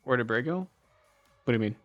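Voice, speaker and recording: A man with a medium-pitched, lively voice chats quickly with viewers on a stream, while soft music plays. The audio has no room sound and cut-off highs, and he rambles in a laid-back way, giggling often and swearing now and then.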